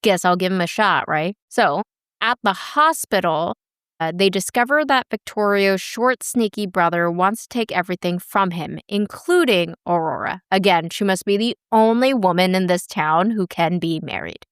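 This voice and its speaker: A woman's voice: mid-range voice, normal speed, clear, resonant tone, dry recording, clean studio sound. A woman co-hosting a podcast, recapping a drama in casual chat with a wry, chatty manner. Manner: chatty, wry, laughs often. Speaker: podcast co-host.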